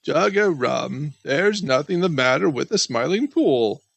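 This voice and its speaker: A man voicing a very old, wise male frog who speaks gruffly and slowly in a children's story. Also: a little high, big pitch swings, no room sound, heavily acted. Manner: gruff, slow and drawn out.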